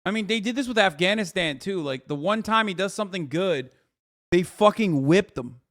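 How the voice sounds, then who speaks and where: A political streamer with a high, slightly bright voice hosts a live stream at normal speed, reacting animatedly to the news with profane, incredulous rants in casual commentary.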